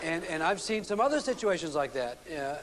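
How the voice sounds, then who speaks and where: A man's voice: on the high side, sing-song, brisk, over a noisy crowd, heavy background noise. A man giving a relationship seminar to a live audience, telling anecdotes in a folksy way with frequent restarts. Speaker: seminar speaker. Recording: long reverb of a seminar hall.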